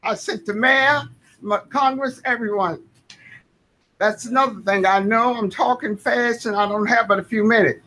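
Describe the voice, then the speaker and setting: A woman's voice: a little high, fairly even intonation, normal speed, fairly bright tone. A woman, speaking as a tenant during public comment at a board meeting, earnest, folksy and insistent. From Southern United States.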